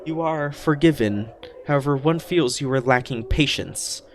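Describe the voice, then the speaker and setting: Brief: a man reading out a slow, ponderous stone-statue man from a game, mid-pitched, third-person speech. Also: slight background noise, lightly acted. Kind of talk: reading game dialogue aloud.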